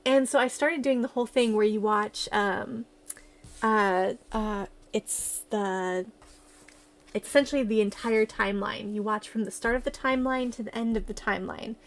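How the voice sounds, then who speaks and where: A woman livestreamer in casual chat, excitable and giggly as she gushes like a fan. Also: medium pitch, normal speed.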